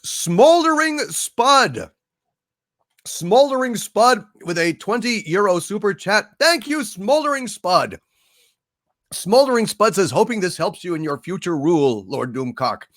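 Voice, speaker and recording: Man, livestream host, reads super chats, halting with fillers, fairly high voice, lively pitch. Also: no room sound. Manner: halting, lots of uh fillers, toasting. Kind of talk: casual livestream chat reading super chats.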